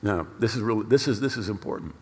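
A male pastor preaching a storytelling sermon in an animated way, repeating words for emphasis. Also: fairly low pitch, fast talker, creaky, slightly rough. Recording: long reverb of a large hall.

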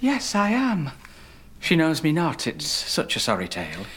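A man's voice: a little high, wildly swooping pitch, unhurried, a bit bright, slight background noise, heavily acted. An actor playing an apologetic son fussing over his wandering mother, speaking rhymed lines in a TV comedy. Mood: explaining. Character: apologetic, harried son of an old woman.

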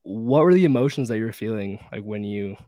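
A man's voice: fairly low pitch, brisk, no room sound. Casual male host, dry close sound. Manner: casual, excited, swears freely. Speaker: podcast host. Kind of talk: casual interview chat.

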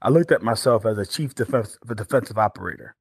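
A man in his forties, a guest on a podcast, telling stories in an animated way with many restarts and fillers. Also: lowish voice, fast, husky, dry recording, studio quality. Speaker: guest, former pro football player turned entrepreneur. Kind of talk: storytelling podcast interview.

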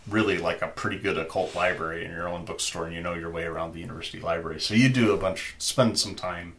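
A man's voice: low-pitched, quick pace, a bit bright. A man narrating as game master in a tabletop game, loose and chatty. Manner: loose and chatty, many fillers.

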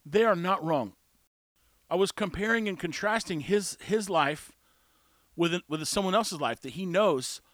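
A man with a fairly high voice gives a casual, candid monologue. He leans hard on his points in a conversational way. The sound is dry and close, with no room around it. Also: normal speed, a bit bright, no echo.

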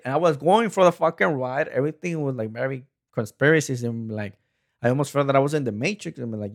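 A man rants at length in a loose, meandering way, his speech packed with swearing. He often stops mid-phrase and restarts, drifting from one thought to the next at a middling pitch for a man. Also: vocal fry. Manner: rambling, swears constantly; animated, restarts and trails off. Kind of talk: casual rant.

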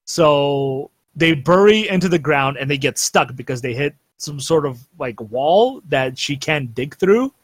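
A man's voice: a little high, expressive, unhurried, hardly any pauses, dry recording. Laid-back young man recapping anime. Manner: rambling, laughs often, restarts. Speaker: podcast host. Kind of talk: casual anime recap chat.

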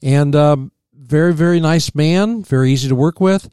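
Man, radio co-host, warm mellow tone, dry close sound. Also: fairly high pitch, moderate pace, clear, resonant tone, dry recording. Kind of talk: casual local radio chat.

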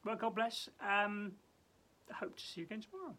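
A man, a pastor giving a daily Bible devotional, who hesitates, often repeats words and drops to a soft hush. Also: high-pitched, animated, brisk.

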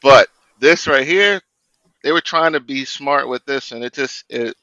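A man co-hosting a podcast in casual debate chat, halting and repeating words as he makes his critique. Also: mid-range voice, pushed and bright, dry recording, muffled recording. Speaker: podcast co-host.

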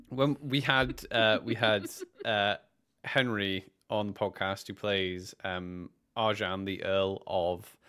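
A British man chats on a podcast, retelling a live role-play weekend with lively quoted voices and plenty of restarts. His voice sits at an ordinary middle pitch. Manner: animated storytelling, acts out quoted characters, frequent restarts. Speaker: podcast co-host. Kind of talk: casual chat recapping a live-action role-play event.

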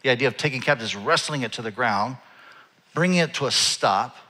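Bright-voiced man preaching in a hall. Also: medium pitch, fairly quick. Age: 40s. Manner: storytelling, conversational, swings from soft to loud and animated. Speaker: pastor. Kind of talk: sermon.

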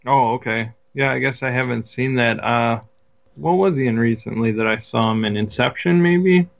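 A man's voice: mid-range voice, normal speed, gravelly, a little hiss or hum. A man co-hosting a casual podcast chat, talking in a laid-back, easygoing way. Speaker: podcast co-host.

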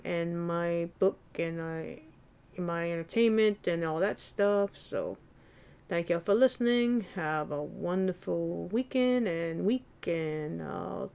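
Woman podcaster, lowish voice, casual rambling monologue, self-deprecating. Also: slow pace, a little mellow, smooth. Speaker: podcast host.

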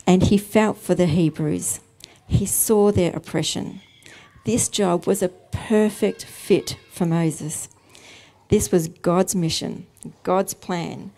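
A woman preacher, giving a calm, measured sermon as a story. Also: fairly low pitch.

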